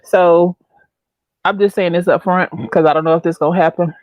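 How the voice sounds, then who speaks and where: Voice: mid-range voice, fairly even intonation, fairly quick, dry recording, dull audio. The host of a casual livestream talk show, chatting loosely with guests and laughing often.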